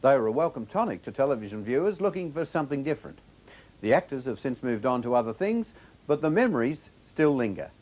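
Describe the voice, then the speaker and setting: A male narrator reading a scripted TV documentary segment. His pitch moves in a lively way, and his delivery is measured and clear. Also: rough recording.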